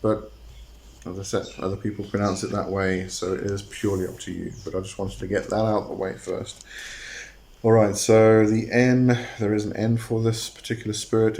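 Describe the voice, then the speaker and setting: A man's voice: fairly low pitch, a little mellow. A man hosting his own channel, explaining a topic in a casual, hesitant way with many fillers and restarts. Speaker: host.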